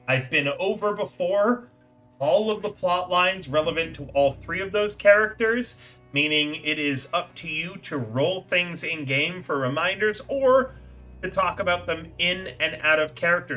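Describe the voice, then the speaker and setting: A man's voice: high-pitched, faint music behind. A man running a tabletop game on stream, teasing his players and laughing easily. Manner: teasing, animated, quick to laugh.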